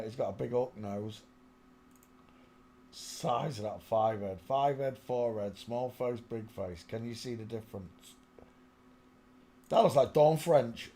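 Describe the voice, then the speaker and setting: This live-streaming host talks into a small desk microphone at home, his voice on the low side and warm, with slight background noise. Between muttering to himself and chatting with viewers, he sings the odd line of a song.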